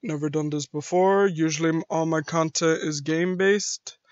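A man's voice: on the high side, fairly even intonation, normal speed, dry recording. A man hosting his own gaming channel, chatting casually and poking fun at himself. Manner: chuckling, self-mocking. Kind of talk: casual vlog commentary. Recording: dull lo-fi mic.

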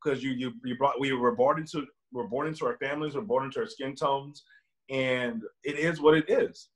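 A young man, a guest in a casual conversation, speaking earnestly with frequent restarts and fillers. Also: medium pitch. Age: young adult. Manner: earnest, halting, many restarts.

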